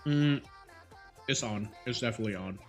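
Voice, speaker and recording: A man's voice: lowish voice, normal speed. A young man speaking English as a second language with a Vietnamese accent, streaming and telling a rambling story full of fillers and restarts. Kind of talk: casual chat. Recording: faint music behind.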